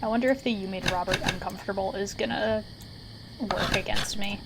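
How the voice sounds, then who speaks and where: A woman's voice: medium pitch, fairly even intonation, fairly quick, vocal fry, heavy background noise. Chatty woman playing a game. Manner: giggly, self-mocking, chatty. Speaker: gaming channel host. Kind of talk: let's play commentary.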